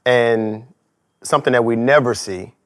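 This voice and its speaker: A man's voice: mid-range voice, normal speed. A man co-hosting a casual interview, asking loose, rambling questions. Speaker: podcast co-host.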